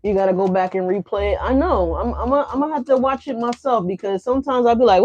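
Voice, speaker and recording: A woman's voice: on the high side, quick pace, darkish tone, lo-fi sound. A woman giving a casual tarot reading to her viewers, chatty and loose, often adding "right?" and "y'all". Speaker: tarot reader.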